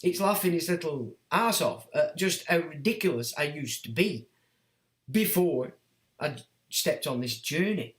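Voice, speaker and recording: A man's voice: fairly high pitch, a little slow, reverberant. A middle-aged man hosts a casual livestream and answers chat comments bluntly, sometimes mocking complainers in put-on voices. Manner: blunt, animated, mocks whiners in put-on voices.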